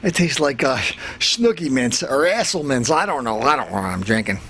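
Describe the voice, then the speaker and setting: A man hosting a comedy show, ranting in a boastful tough-guy manner, threatening to beat everyone up and breaking into shouts. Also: medium pitch, expressive, normal speed, creaky, husky. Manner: bursts into shouting. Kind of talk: comic tough-guy rant.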